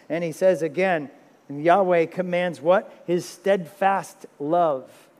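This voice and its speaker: A man pastor delivers a sermon with dramatic swings between loud pleading and quiet intimacy. His voice sits a little high. A long reverb trails his words through the hall. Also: slow.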